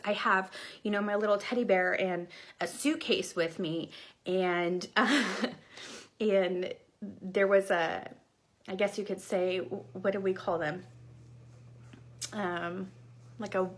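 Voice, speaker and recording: A woman's voice: mid-range voice, fairly bright tone. A young adult woman telling her own life story in a casual, rambling way, full of "like" fillers and restarts.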